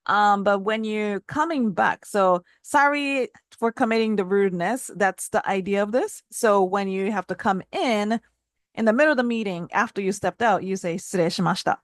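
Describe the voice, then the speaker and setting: Woman teacher, casual lesson delivery, bouncy pitch on examples, dry close sound. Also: moderate pace, no room sound. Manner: models phrases with lively pitch jumps, laughs lightly. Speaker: Japanese language teacher.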